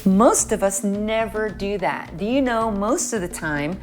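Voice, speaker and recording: Woman, middle-aged, kids' movement teacher, encouraging, playful, medium pitch, faint background music. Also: lively intonation, measured pace. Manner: encouraging, praising often, playful. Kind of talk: guided stretching instruction for kids.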